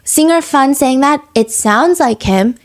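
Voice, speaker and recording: A young woman hosts a true crime podcast, retelling the story at a quick, breathless clip. Her voice sits fairly high. She sounds animated throughout. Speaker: podcast host.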